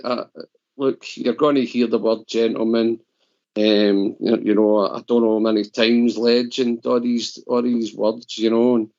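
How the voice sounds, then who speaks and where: A man's voice: medium pitch, a little mellow. A Scottish man presenting on a call-in show, emotional and rambling. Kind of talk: casual call-in chat. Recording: dull lo-fi stream audio.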